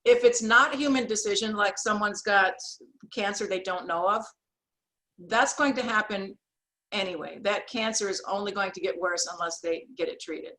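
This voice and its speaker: Bright, animated woman telling stories. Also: mid-range voice, moderate pace, low-quality recording. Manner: animated, acts out quoted voices, many restarts. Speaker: guest, author and sketch artist. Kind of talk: storytelling in an interview.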